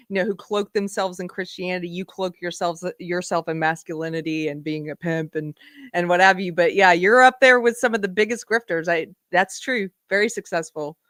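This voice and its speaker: A woman's voice: fairly low pitch, fairly even intonation, normal speed, a bit bright, no echo, studio quality. A woman hosting a livestream, reacting to clips in an emphatic, incredulous and sarcastic way. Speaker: host.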